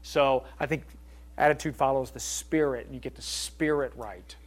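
A man's voice: mid-range voice, normal speed. A middle-aged man speaking earnestly to a group, taking questions in a loose, conversational way and often checking in with his listeners. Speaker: speaker leading a group session. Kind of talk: informal talk with audience questions.

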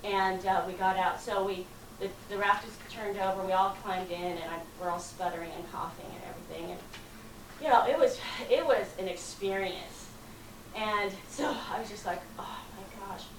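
A woman telling a personal story to an audience in a dramatic, lively way, acting out the people in it. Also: medium pitch, normal speed. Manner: dramatic, lively retelling with acted quotes. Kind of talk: animated storytelling talk. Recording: roomy, from far off, faint noise.

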